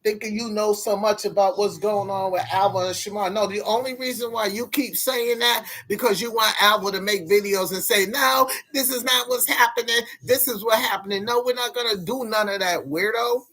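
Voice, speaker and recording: A young man vents on his vlog, his voice high and a little husky. He swears freely and keeps hammering the same lines as he rants. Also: steady tone, normal speed, few pauses, fairly bright tone. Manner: profane, heated, repetitive ranting. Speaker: vlogger. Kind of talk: ranting to camera.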